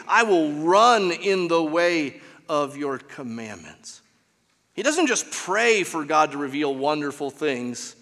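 A man's voice: on the high side, a bit bright, in a large hall. A man preaching a sermon as pastor, with an emphatic, repetitive cadence, recorded in a church.

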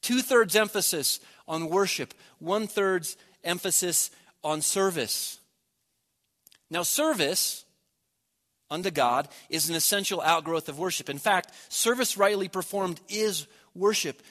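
A man preaching a sermon, swelling loud on key words and dropping to a near hush at the ends of phrases. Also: sits high, a little slow.

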